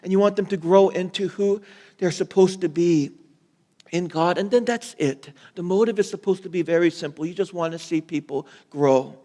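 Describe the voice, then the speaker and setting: Male pastor, casual animated preaching, higher voice, echoing hall sound. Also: moderate pace. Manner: conversational preaching with animated asides. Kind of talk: sermon. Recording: long hall reverb.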